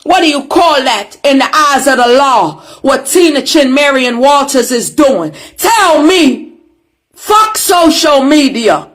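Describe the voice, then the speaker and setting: A high-pitched Jamaican woman tearing into someone in a furious social media rant. She curses nonstop and keeps breaking into shouted insults. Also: lively intonation, measured pace.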